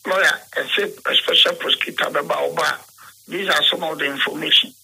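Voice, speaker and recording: High, bright Ghanaian man rambling. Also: steady tone, brisk, gravelly, breathy edge, rough recording. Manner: rambling, switches between English and Twi, acts out quoted dialogue. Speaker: interviewee.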